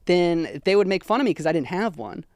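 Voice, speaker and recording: A young man talking about favorite films in a loose, rambling way, full of ums and likes. His voice sits a little high for a man and lands very dry and close on the mic, with no room sound at all. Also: lively intonation, brisk, no room sound. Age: young adult. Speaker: podcast guest. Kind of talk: casual chat.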